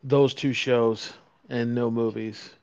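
A man co-hosts a podcast at a very slow, halting pace, pausing often and filling gaps as he talks in casual chat. His voice is smooth, and the recording is dry and slightly dull. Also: medium pitch, level tone, a little mellow, no room sound. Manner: halting, hesitant, with many fillers and pauses. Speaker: podcast co-host. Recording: dull, dry home-mic sound.

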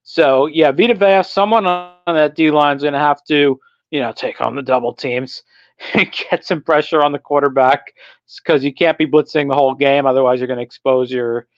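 A man's voice: on the high side, fairly even intonation, normal speed, no echo, dull audio. A man co-hosting a casual sports podcast, blunt and opinionated, laughing as he rants. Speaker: podcast co-host.

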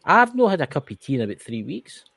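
A man's voice: on the high side, very animated, quick pace, gravelly, fairly bright tone, no echo. A Scottish man co-hosting a casual podcast, joking and rambling with plenty of swearing. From Scotland. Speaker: co-host.

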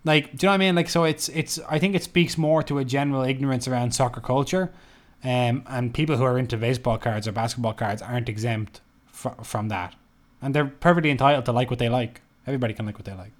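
A man's voice: mid-range voice, fast. A man co-hosting a podcast in casual chat, laid-back and rambling, with lots of "like" fillers. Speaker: podcast co-host.

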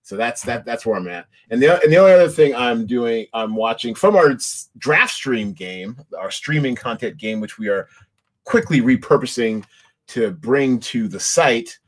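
A man's voice: mid-range voice, expressive, moderate pace. Rambling man chatting about TV. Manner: rambling, many restarts and fillers. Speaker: podcast host. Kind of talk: casual chat about TV shows.

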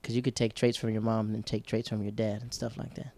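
A man's voice: fairly low pitch, flat delivery, fast, gravelly, mellow, dry recording. A man in casual chat as podcast co-host, rambling and chatty, often correcting himself.

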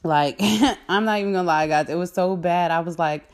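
Low-voiced woman telling her story. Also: moderate pace. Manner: earnest and animated, with frequent "um" and "like" and laughs mid-sentence. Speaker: vlogger sharing a personal faith testimony. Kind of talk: casual spoken testimony to viewers.

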